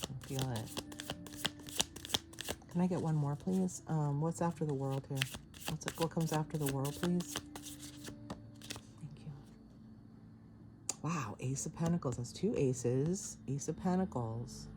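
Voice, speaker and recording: A woman giving a casual tarot reading to camera, chatty and excitable, laughing often and swearing casually. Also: low-pitched, a little slow, noisy background. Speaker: tarot reader.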